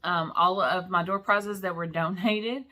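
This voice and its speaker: A woman's voice: on the low side, fairly even intonation, unhurried, sharp tone. A middle-aged woman chatting casually to camera in her vlog, emotional and laughing between sentences. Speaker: vlog host. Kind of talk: casual chat.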